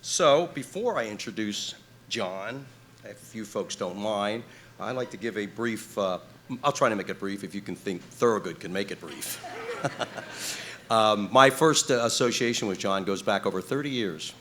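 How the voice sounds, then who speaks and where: A middle-aged man stands before a live audience and introduces the main guest with a long, meandering anecdote. His voice is bright and forward, and he stumbles through fillers and restarts. He pokes fun at himself as he goes. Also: on the low side, lively intonation, unhurried, a little hiss or hum. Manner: rambling, self-deprecating storyteller with fillers and restarts.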